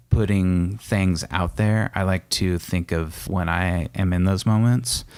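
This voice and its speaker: A man co-hosting a casual couple's podcast, talking earnestly and calmly reassuring. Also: deep voice, dry recording. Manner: earnest and reassuring, calm coaching tone. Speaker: podcast co-host.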